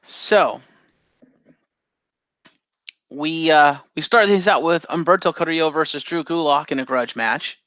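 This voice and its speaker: Man, rambling recapper, slightly high voice, dry muffled mic. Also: a little slow, long pauses, sharp tone, no echo. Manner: rambling, swears, restarts. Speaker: podcast co-host. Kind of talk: casual chat.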